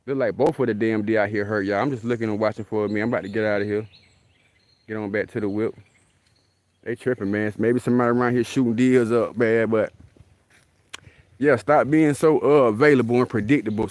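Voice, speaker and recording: A man's voice: mid-range voice, a little mellow, no echo. A man talking casually in a loose, repetitive street style, recording himself outdoors in a rural spot. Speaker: vlogger. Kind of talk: casual outdoor vlog talk. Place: outdoors in a rural area near deer.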